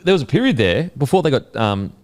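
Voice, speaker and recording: A man with an Australian accent hosting a casual sports podcast, animated and swearing, full of fillers. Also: mid-range voice, fast. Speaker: podcast host.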